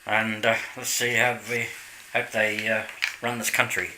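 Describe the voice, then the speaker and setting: A man's voice: fairly low pitch, monotone, a little slow, background noise. An Australian man vlogging in a casual, rambling way, chuckling often and losing his thread. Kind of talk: casual chat to camera.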